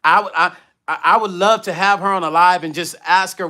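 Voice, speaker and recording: A man hosts a candid livestream, speaking in a slightly high, bright, forceful voice. He tells stories bluntly and with animation, breaking off to read viewer comments aloud. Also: fairly even intonation, a little fast. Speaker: livestream host and musician.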